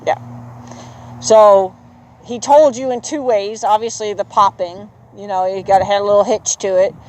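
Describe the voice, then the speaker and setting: A horse trainer coaching a student through a riding lesson in an outdoor arena. The trainer keeps praising the horse and explains things in a relaxed, chatty way. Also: mid-range voice, normal speed, slight background noise, rough recording. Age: adult with children. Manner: encouraging, praises the horse often.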